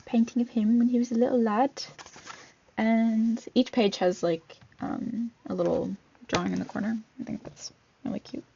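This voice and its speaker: A woman's voice: a little high, steady tone, normal speed, creaky, mellow, slight background noise. A woman vlogger reading a picture book aloud, with chatty asides and fillers between pages. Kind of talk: casual read-aloud with commentary. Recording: dull lo-fi recording.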